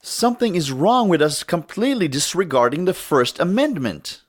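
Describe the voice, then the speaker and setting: A man's voice: on the high side, sing-song, normal speed. A middle-aged man hosting a show, giving an emphatic political commentary monologue with indignant rhetorical questions. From Northern California. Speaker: show host.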